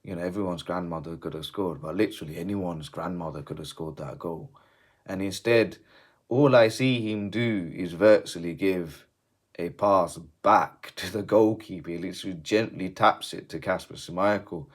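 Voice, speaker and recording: A man's voice: deep voice, normal speed. A man ranting casually about football, swearing freely and swinging between laughter and grumbling. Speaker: football fan vlogger. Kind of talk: casual post-match rant.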